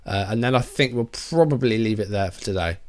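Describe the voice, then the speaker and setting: A man's voice: on the low side, a little fast, darkish tone. A man giving casual game commentary, musing aloud as he reviews results and reacts with easy surprise. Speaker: gaming YouTuber.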